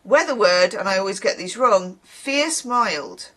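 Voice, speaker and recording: A woman's voice: medium pitch, a little fast, a bit bright. A woman, a tarot reader chatting casually to camera, rambling with wry asides.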